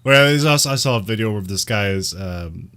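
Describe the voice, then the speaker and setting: American man, podcast co-host, low voice, rambling casual chat, many fillers, laughs often. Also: animated, a little fast, fairly bright tone, smooth.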